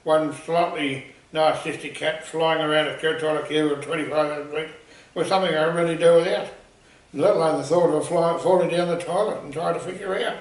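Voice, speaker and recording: A man telling a comic anecdote in a rambling, animated way. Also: on the high side, brisk. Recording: echoey room, voice far from mic.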